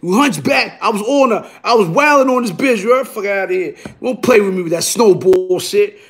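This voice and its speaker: A man telling a rough, profane story in a casual, animated way, punctuated by "you heard?". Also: high-pitched, brisk. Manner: animated, repeats "you heard?", bursts into shouting.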